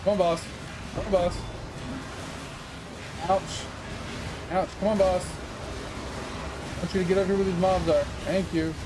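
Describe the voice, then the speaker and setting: A man's voice: high voice, flat delivery, measured pace, pauses often, background noise. A young man giving casual gameplay commentary as a streamer, frustrated and swearing while he talks to his chat. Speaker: gaming streamer.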